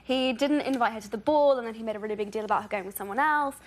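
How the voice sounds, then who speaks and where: A woman's voice: on the high side, very fast. Giggly young English woman. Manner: giggly, hedging with fillers. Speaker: guest actress. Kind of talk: talk show interview.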